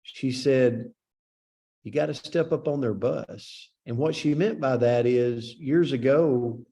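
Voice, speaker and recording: A man's voice: medium pitch, slow, mellow. A man coaching a team on a video call, speaking in a reflective, earnest way. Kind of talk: motivational talk on a video call.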